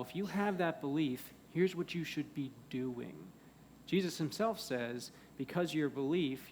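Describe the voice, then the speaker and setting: A pastor preaching a sermon in a church, earnest, moving between loud emphasis and hushed pleading. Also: male voice, medium pitch, slight background noise. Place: church sanctuary.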